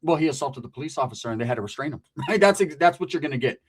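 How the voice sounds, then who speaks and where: A man from Northern California telling a comic story in a high voice. He talks in a rambling, profane, slang-heavy way. He keeps checking in with "right?". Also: animated, rapid-fire, breathy edge. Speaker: storyteller, comedian. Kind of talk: comedic storytelling.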